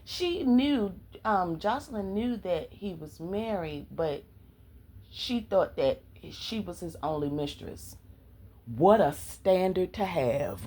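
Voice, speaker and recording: Slow-talking, sassy woman book vlogger. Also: on the low side, sing-song, warm tone, low-quality recording. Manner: chatty, sassy asides with laughs. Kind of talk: casual chat. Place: home.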